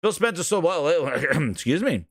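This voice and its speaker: An excitable man hosting a gaming livestream, ranting in a profane, laughing style. His voice sits high and swings widely in pitch. The sound is dry and close to the mic. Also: measured pace, husky, no echo. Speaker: gaming news streamer. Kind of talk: casual livestream rant.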